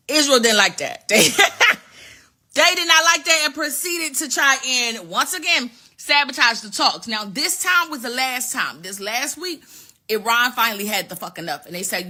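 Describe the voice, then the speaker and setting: A woman host riffing on world politics with sassy, profane, animated energy. Her voice is high and bright, sharp at the edges, and full of casual street talk. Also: moderate pace.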